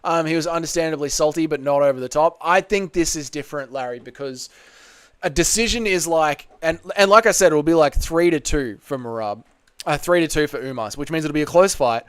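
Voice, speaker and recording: A man's voice: on the high side, brisk, clean tone, dry recording. An Australian man hosting a livestream, reading viewer comments aloud and answering them in casual, bantering chat from a room at home. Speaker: podcast host. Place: home room with balcony window open.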